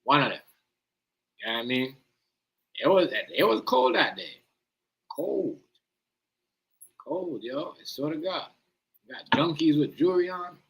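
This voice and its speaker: A man's voice: on the high side, very animated, a little slow, gravelly, pauses often, a bit bright, rough recording. A man hosting a live stream, rambling in casual slang and often asking "you know what I mean".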